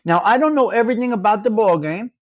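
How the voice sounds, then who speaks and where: Animated New man hosting a livestream. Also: sits high, fast, no echo, clean studio sound. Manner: animated, teasing, reads out viewer names and comments. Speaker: livestream host. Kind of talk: casual live chat with viewers.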